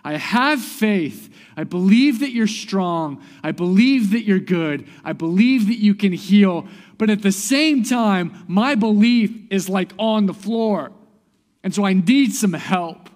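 A man voicing a desperate father begging for help for his sick son, in a loud, strained plea. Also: high-pitched, lively intonation, slow, voice pushed up. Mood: pleading.

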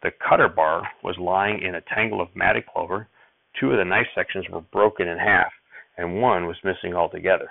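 A man narrating a first-person audiobook chapter in steady storytelling, recorded with tinny phone-like sound. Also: low voice, moderate pace, creaky, dry recording.

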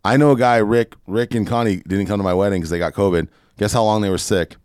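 A man with a fairly low voice rants through a casual podcast, swearing freely and hammering his points home. The sound is dry and close, with no room around it. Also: quick pace, a little mellow, smooth, no room sound. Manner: profane, emphatic ranting. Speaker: podcast host. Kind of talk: casual opinionated podcast rant.

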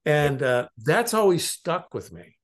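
A middle-aged man from Alaska, a lawyer and interview guest, telling stories in a halting, rambling way with chuckling asides. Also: on the high side, very animated. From Alaska, United States. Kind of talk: casual interview conversation.

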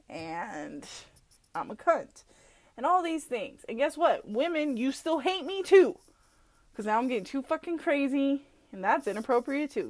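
A woman hosting a solo podcast, ranting bluntly with heavy swearing, laughing often and mocking people as she tells stories. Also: medium pitch. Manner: mocking, animated storytelling. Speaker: podcast host. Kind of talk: profane solo podcast rant.

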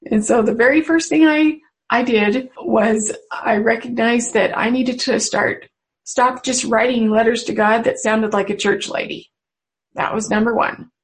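A woman with a somewhat high voice gives a personal spiritual talk to a webinar audience. She speaks as a mother, earnest and confiding, leaving unhurried pauses between her thoughts. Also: poor audio. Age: adult mother. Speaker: webinar presenter.

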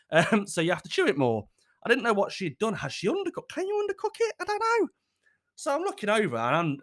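Sweary, animated man. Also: a little high. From United Kingdom. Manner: sweary, laughing, animated storyteller who acts out quotes. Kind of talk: comic personal anecdote.

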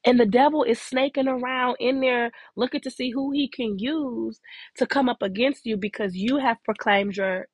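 A woman hosting a devotional, preaching in a relaxed, folksy way and repeating her key lines for emphasis. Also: on the high side, slightly rough, no room sound. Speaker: devotional host.

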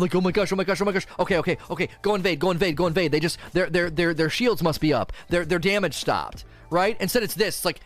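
Exasperated, higher-pitched male streamer. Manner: animated, exasperated ranting with repetitions. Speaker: streamer answering community questions. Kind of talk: casual gaming commentary.

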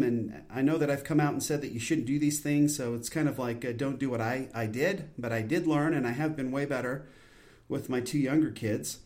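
A man's voice: mid-range voice, darkish tone. Intense earnest man hosting a podcast. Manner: intense, earnest, rambling with restarts. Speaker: podcast host. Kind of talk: casual solo podcast talk.

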